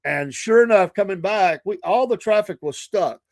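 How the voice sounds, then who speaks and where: A man's voice: high voice, expressive, moderate pace, no echo. A middle-aged man, hosting a morning show and telling rambling, chatty stories full of asides and self-corrections. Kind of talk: casual storytelling.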